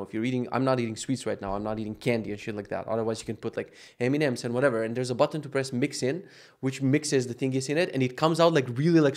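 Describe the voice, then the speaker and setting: A man's voice: medium pitch, a little mellow. A man hosting his own podcast, talking casually, swearing often and wandering off on tangents. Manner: profane, ranting, wandering off on tangents. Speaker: podcast host. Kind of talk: casual rambling monologue.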